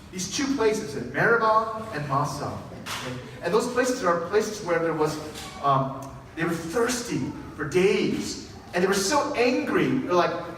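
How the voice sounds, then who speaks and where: Male pastor, sermon delivery, high and animated, heard from afar in a reverberant church. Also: slight background noise. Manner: animated storytelling with quoted dialogue. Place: church sanctuary. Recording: echoey church hall from a distant mic.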